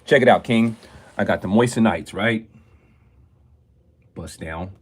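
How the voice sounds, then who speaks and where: A man's voice: lowish voice, measured pace, husky. A man, a jeweler, chatting casually and upbeat with viewers on a phone live stream from his shop. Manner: talkative and upbeat, greets viewers often.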